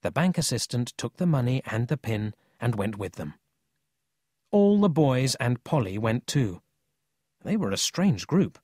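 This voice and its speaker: A man narrating a children's audiobook in a scripted, expressive storytelling manner. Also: mid-range voice, husky, dry recording, studio quality.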